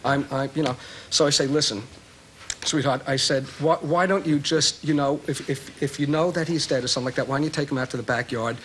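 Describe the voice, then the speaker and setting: A man's voice: mid-range voice, fairly quick. A man appearing as a guest on a late-night talk show, telling a long anecdote and acting out both sides of a phone call. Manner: animated storyteller, acts out both sides of phone calls. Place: TV studio with audience. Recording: faint hiss from old VHS tape.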